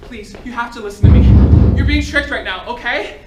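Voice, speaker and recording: A high-voiced, disgraced young detective, played by a woman begs and pleads, desperation close to the surface. She is caught from far off in a roomy theatre. Loud music plays underneath and the sound is slightly dull. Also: normal speed, close to an everyday voice. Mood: desperate. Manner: pleading, rising to near-shouts on the phone. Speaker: stage actor. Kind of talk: live solo stage play. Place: theatre stage. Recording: distant roomy stage recording, dull.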